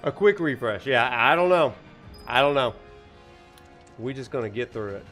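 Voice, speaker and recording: Man, professor, casual game-stream lecture, rambling, exasperated by tech, mid pitch. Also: expressive, normal speed, a bit bright, soft background music. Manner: rambling with many fillers and restarts; exasperated, joking about tech trouble. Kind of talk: casual lecture over gameplay.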